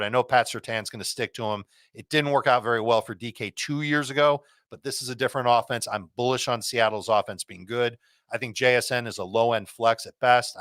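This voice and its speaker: A man giving quick, confident fantasy football start and sit advice, rattling off picks one after another. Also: medium pitch, a bit bright, no echo.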